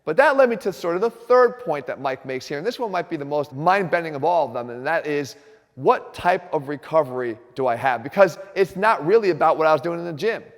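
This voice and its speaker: Brief: direct, energetic male coach, slightly high voice, long echo from the gym. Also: a little fast. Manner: direct, energetic, talks straight to viewers. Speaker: fitness coach host. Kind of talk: instructional fitness video. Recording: reverberant gym room.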